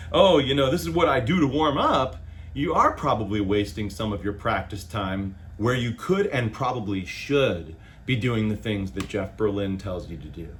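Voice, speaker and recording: A man, a bass player, giving his opinions in a casual, loose monologue with slang and the odd swear word. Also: a little hiss or hum.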